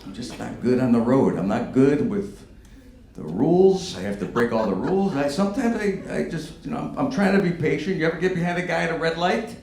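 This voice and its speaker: A man's voice: a little high, lively intonation, fairly quick, vocal fry. Profane, exasperated male stand-up comic. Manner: profane, exasperated rants that swing from mutters to near-shouts. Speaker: stand-up comedian. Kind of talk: stand-up routine. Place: comedy club stage with audience laughter. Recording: echoey live room with faint noise.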